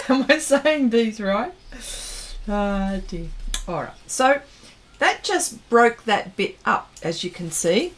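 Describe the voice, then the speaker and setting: Aussie lady chatting away while she paints, slowish, a bit high, drifts off mid sentence. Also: very animated. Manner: chatty, reads viewers' comments aloud, trails off mid-sentence while working. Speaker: art livestream host. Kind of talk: casual chat while painting.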